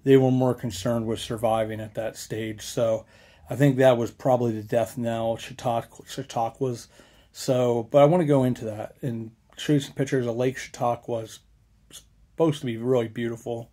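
Young guy rambling on about local history, lots of uhs, warm mellow tone. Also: medium pitch, steady tone, normal speed. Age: young adult. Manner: rambling, meandering, with many fillers and restarts. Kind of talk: rambling casual vlog.

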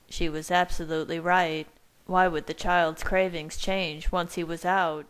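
A woman with a low voice reading fan fiction aloud in the first person. She narrates at a steady, measured pace. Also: clear, resonant tone, rough recording. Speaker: reader.

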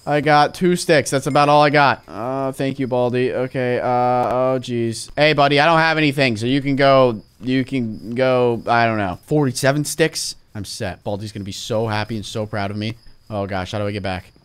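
A young man giving excitable game commentary, swinging from hushed muttering to frantic yelling. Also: mid-range voice, normal speed, clean tone. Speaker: gaming YouTuber.

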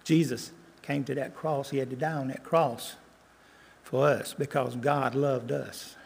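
Gravelly preacher in a church. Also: male voice, medium pitch, steady tone. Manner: earnest, repeats phrases, slows for emphasis. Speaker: guest preacher. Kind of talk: sermon. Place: church sanctuary. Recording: long church reverb.

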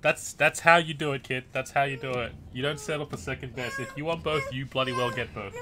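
A gaming video creator gives casual, teasing gameplay commentary while joking with his family, with game music behind him. His medium-pitched voice is a little fast, and the recording is very noisy.

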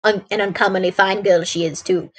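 A woman's voice: medium pitch, fairly even intonation, brisk, breathy edge, pitched below the performer's own voice, close to an everyday voice. A woman reading the part of a proud, talkative male police detective who eagerly recounts his own clever work. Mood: telling.

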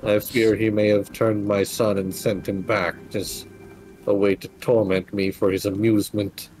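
A man's voice: on the low side, flat delivery, moderate pace, darkish tone, soft background music, natural voice, rough recording. A man doing a grave, formal old-world priest. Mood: solemn. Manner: formal, archaic, solemn. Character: grieving priest, solemn and formal.

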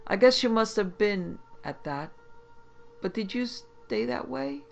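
A man voicing a gruff, suspicious small-town constable around forty who barks blunt questions in rustic grammar. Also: on the high side, moderate pace, dull audio, faint music behind. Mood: gruff questioning.

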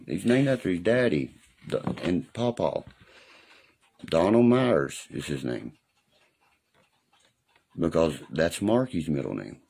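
A man's voice: low-pitched, big pitch swings, takes it slowly, creaky, pauses often, darkish tone, slightly rough. A man talking casually on a live stream in a rambling, profane way, often asking if you know what he means. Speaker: livestreamer. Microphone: phone or webcam on a live stream.

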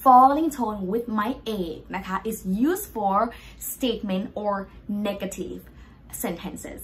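A young woman with a Thai accent works through viewers' questions as a language teacher. She explains step by step, patient and polite, in a voice of ordinary pitch for a woman. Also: expressive, normal speed. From Thailand. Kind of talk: Q&A language lesson.

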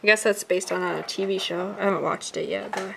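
A woman's voice: medium pitch, steady tone, creaky, a little hiss or hum. A woman vlogging casually at home, chatting while she unboxes and reads out comic titles. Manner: chatty, slow when reading titles.

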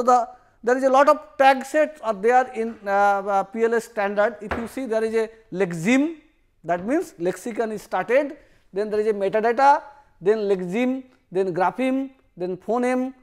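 A university lecturer who explains step by step, restarting often and repeating each term to make it stick. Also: mid-range voice. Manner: explanatory, repeats and rephrases terms; halting, with frequent restarts.

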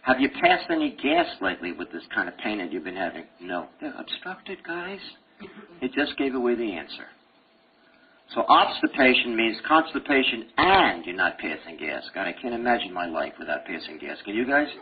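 Animated joking male medical lecturer. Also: on the low side, a little fast, slightly rough. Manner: animated, jokey storytelling with laughs. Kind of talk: live classroom lecture. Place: lecture hall. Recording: dull lo-fi lecture-hall recording with faint hiss.

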